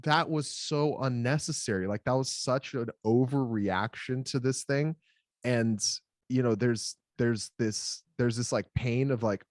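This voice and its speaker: A man's voice: medium pitch, measured pace, dry recording, clean studio sound. A man talking in a casual podcast conversation, a new father telling a story at a rambling pace with many filler words.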